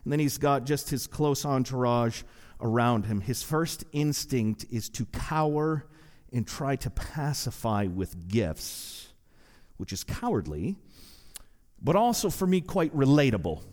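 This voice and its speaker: A man preaching a sermon, retelling a story in a lively way with acted-out quotes and wry asides. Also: mid-range voice, a little slow. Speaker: pastor. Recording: long hall reverb.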